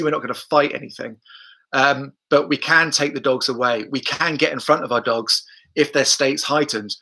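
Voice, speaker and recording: Answering viewers' questions on a live stream, a man explains how he trains dogs in a chatty, repetitive way, voicing the dog's thoughts as he goes. His voice is a little high and sharp in tone.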